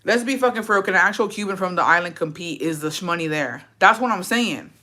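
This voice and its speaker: A woman's voice: lowish voice, fast talker, bright, forceful tone. Young woman, host, casual gossip chat, profane, ranting, fires off questions.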